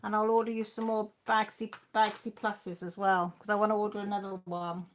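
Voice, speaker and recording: A woman's voice: medium pitch, level tone, brisk, a little hiss or hum. A Welsh woman in her sixties, a channel host chatting casually on a live stream and reading out viewer comments in a rambling, friendly way. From Wales. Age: 60s.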